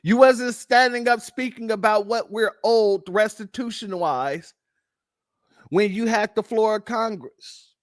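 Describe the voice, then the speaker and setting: Man, high voice, blunt mocking commentary, rhetorical questions, dry close sound. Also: measured pace, no room sound. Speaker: political commentary host. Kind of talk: ranting commentary on news clips.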